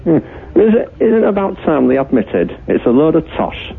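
A male caller with a Yorkshire accent airs blunt opinions, his voice rising and falling with each point. He sounds husky, squeezed through a tinny phone line. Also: on the high side, sing-song, normal speed. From Hull, England.

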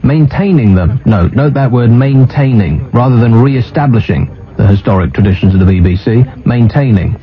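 A man's voice: lowish voice, animated, fairly quick, few pauses, faint music behind. A man hosting a talk radio show, ranting sardonically and mocking what he's seen on TV. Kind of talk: casual on-air banter. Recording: muffled radio broadcast.

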